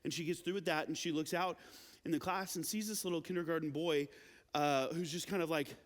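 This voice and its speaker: Here the youth pastor, young and high-voiced with a light tone, speaks briskly with fairly even intonation. His youth sermon echoes through a large hall, each phrase trailing long reverb, and his casual, animated delivery is full of fillers, like telling stories to teens.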